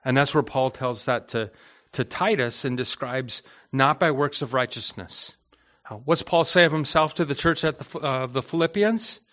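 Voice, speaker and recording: A man's voice: a little high, a bit bright, lo-fi sound. A man teaching a Bible study as a pastor, talking in a conversational way with frequent restarts and repeated words.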